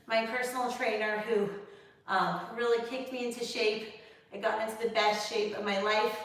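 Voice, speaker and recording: Higher-voiced woman chatting in an echoey studio. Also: fairly bright tone. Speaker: yoga student in the class. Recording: roomy studio, heard from a distance.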